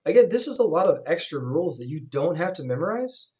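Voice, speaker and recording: A man teaching a writing class in a relaxed, conversational way, with frequent fillers as he explains. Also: fairly high pitch, fast. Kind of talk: recorded class lecture.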